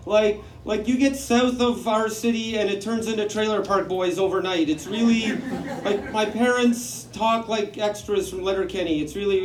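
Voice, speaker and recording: A man's voice: very high-pitched, measured pace, echoey room, a crowd in the background. A man, doing a self-mocking, rambling stand-up set on a comedy club stage. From Canada. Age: 40s.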